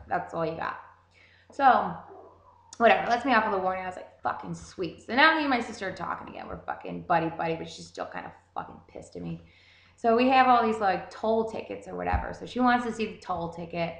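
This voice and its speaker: A young woman telling a story in a casual, animated way, swearing constantly. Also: fairly low pitch, vocal fry. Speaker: vlogger. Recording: roomy echo.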